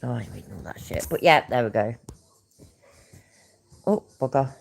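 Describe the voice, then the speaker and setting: A woman with a British accent and a low voice reads out a news report and then reacts to it. She is blunt and sarcastic and swears freely. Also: expressive, moderate pace, vocal fry. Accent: British English. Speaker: commentary channel host. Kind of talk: reacting to a news story and clip.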